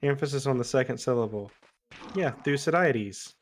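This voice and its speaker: A man livestreaming an online game, chatting casually with a friend, relaxed and chuckling as he muses over how words are pronounced. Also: medium pitch, moderate pace, slight background noise. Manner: laid-back, chuckling, muses on word pronunciation. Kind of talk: casual chat while gaming.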